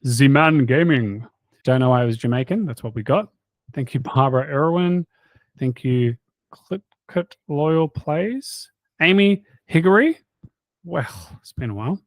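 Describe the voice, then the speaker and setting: A man's voice: a little high, animated, unhurried, dry recording. A man hosting a health channel in casual chat, reading out a list of subscriber names with jokes and stumbling over the harder ones. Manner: jokey, stumbles over hard names with quips. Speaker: health coach and channel host.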